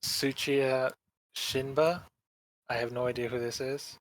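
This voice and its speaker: A man in a casual podcast chat, talking in a loose, rambling way full of slang and mid-sentence restarts. His voice is mid-pitched and recorded close and dry, with no room sound. He breaks into exaggerated impressions of characters now and then. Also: steady tone, unhurried, no room sound, low-quality recording. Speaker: podcast co-host.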